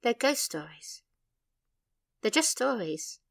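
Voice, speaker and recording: A woman playing an anxious young librarian haunted by stories, in a horror audio drama trailer, hushed and pleading. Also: on the high side, sing-song, slow, vocal fry, full character voice. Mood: tense, hushed.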